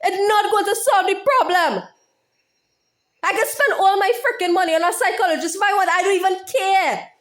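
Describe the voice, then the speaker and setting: A woman's voice: very high-pitched, brisk, fairly bright tone. A woman YouTuber speaking in an impassioned monologue, heated and profane, repeating her phrases over and over.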